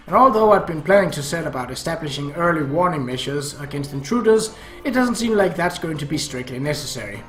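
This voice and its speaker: A man reading a visual novel aloud in dry, wry first-person narration. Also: on the high side. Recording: echoey room, faint music.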